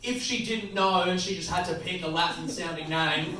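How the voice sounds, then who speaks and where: A man in his late twenties with an Australian accent, doing a crude, animated stand-up comedy set. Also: high voice, moderate pace. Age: late 20s. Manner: crude, loud punchlines, animated crowd-work. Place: comedy club stage. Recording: echoey venue, picked up from a distance. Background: audience laughter.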